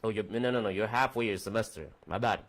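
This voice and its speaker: Young dude rambling to his chat, kinda low voice, swears a lot, just freestyling. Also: fast talker. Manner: rambling, loose and profane. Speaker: podcast streamer. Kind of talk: casual chat with live chat viewers.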